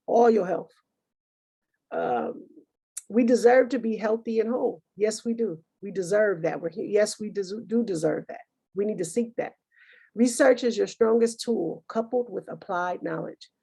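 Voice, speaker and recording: Woman podcast host, mellow low-toned voice, casual preachy monologue with lots of fillers. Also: vocal fry, slightly rough. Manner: conversational, preachy, thinks aloud with fillers. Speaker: podcast host recapping episodes.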